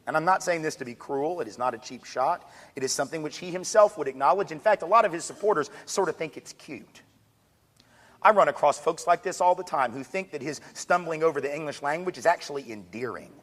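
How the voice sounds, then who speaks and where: Man, higher voice, energetic lecturer with joking asides, long reverb of a big hall. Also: a little fast. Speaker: speaker on diversity. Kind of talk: public lecture.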